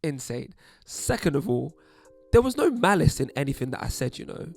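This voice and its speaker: A young British man from England talking casually to camera as a YouTube host, chatty and wry with lively asides. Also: a little high, moderate pace, gravelly. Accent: British English.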